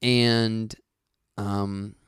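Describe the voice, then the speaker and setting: A male comedian telling a story as a podcast guest, animated, profane and exasperated. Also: fairly low pitch, very slow, smooth, no echo, studio quality.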